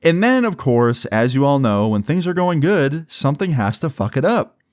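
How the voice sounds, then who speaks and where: A man's voice: medium pitch, big pitch swings, moderate pace, clear, resonant tone. Laid-back young man telling a story. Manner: slangy, laid-back, lots of "like" and "bro". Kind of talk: casual storytelling.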